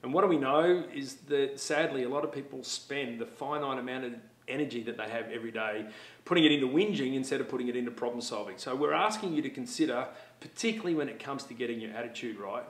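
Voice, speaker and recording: A middle-aged man, talking to students about attitude and telling stories. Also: medium pitch. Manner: storytelling, acts out voices. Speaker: motivational speaker for schools. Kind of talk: talk to students. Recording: echoey room.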